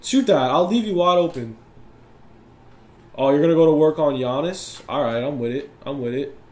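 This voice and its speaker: A young man giving live commentary over a basketball video game, competitive and quick to yell and complain about his opponent. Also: a little high, roomy sound. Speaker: gaming YouTuber.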